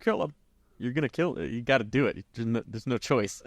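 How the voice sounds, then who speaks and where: A man co-hosting a casual roundtable podcast, talking in a relaxed, rambling way and laughing often. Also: medium pitch, a little fast, dry recording. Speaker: podcast co-host.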